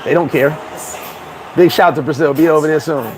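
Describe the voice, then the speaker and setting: The sweaty New York vlogger goes on ranting to his live chat from the hot Caribbean corner, talking fairly quickly over a little hiss or hum. His higher-pitched delivery is animated, foul-mouthed and punctuated by laughter at his own mistakes.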